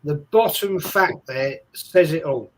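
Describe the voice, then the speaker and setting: Slow, emphatic man reciting stats. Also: a little high, low-quality recording. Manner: emphatic, repeating points, reciting statistics. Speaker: co-host of a fan podcast. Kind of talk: casual chat.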